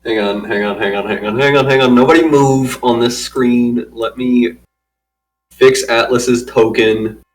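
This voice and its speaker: A man's voice: mid-range voice, steady tone, measured pace, low-quality recording. Casual man running a tabletop game. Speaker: game master.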